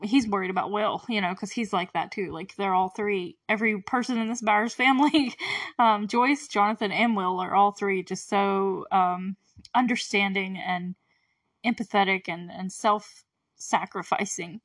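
A woman's voice: medium pitch, steady tone, normal speed, no echo, distant mic. A woman hosting a casual solo podcast, chatty and effusive, laughing often as she recaps a show. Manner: chatty and effusive, laughs often, quotes characters in brief put-on voices.

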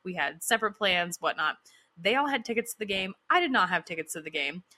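A woman's voice: on the low side, sing-song, a little fast, bright, forceful tone. A woman in her thirties telling casual stories in a chatty way, with lots of fillers and frequent laughter. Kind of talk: casual storytelling monologue.

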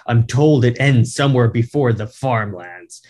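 A man's voice: mid-range voice, expressive, measured pace, darkish tone. A man voicing a grim middle-aged male vigilante who speaks in a terse, brooding monologue.

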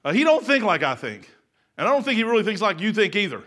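An older pastor preaches in a church, folksy and chuckling at his own stories. His voice sits high and carries a bright, forceful edge, rising to shouts and sinking to near whispers. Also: sing-song, quick pace. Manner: folksy, laughing, swings from shouting to hushed. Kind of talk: sermon. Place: church sanctuary.

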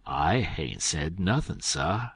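A man voicing a cautious, humble grown man who gives slow, quiet replies in dialect. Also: low voice, sing-song, slightly rough, dry recording, clean studio sound, heavily acted. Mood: guarded.

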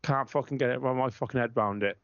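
A man's voice: mid-range voice, fairly quick, a bit bright, no echo. Swearing, ranting man. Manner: ranting, swears constantly, blunt. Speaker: podcast co-host, football fan. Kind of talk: heated casual chat. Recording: dry, slightly muffled lo-fi sound.

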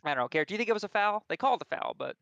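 Bright, crisp-voiced young man telling a story. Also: high-pitched, very fast, no room sound. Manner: animated, self-deprecating storyteller. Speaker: podcast co-host. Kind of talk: casual storytelling chat. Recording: dull lo-fi recording.

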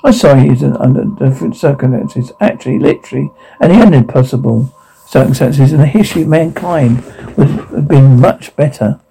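A sardonic man stuck in an elevator, read by a man in his own voice. The voice is gravelly and husky, mellow in tone and slightly high for a man. The delivery is dry and unhurried. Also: rough recording.

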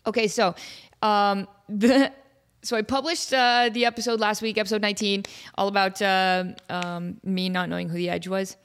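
Woman, podcast host, casual storytelling, animated, self-mocking, laughing, mid pitch. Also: normal speed, clear, resonant tone.

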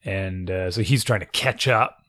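A man's voice: low voice, normal speed, a bit bright, dry recording, clean studio sound. A middle-aged man co-hosting a podcast, chatting casually and telling stories about his kids. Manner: chatty storyteller, parent anecdotes. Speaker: podcast co-host. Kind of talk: casual chat. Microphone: studio microphone.

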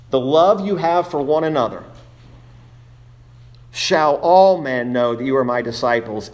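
A man's voice: on the high side, lively intonation, unhurried. A man preaching a sermon as pastor, earnest, reading scripture aloud in old King James wording.

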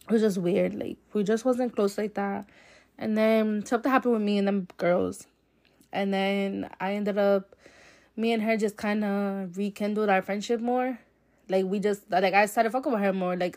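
Chatty young woman telling a story. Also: medium pitch. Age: young adult. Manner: candid and chatty, many fillers and swearing. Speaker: podcast host. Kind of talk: casual storytelling. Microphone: solo podcast mic.

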